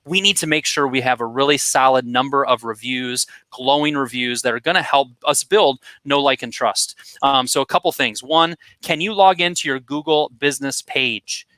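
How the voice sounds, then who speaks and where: Man, bright edge to the voice, dry sound, energetic marketing coach. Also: mid-range voice, no room sound. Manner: energetic, direct, coaching tone with quick asides. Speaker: marketing guest expert. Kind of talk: conversational coaching advice.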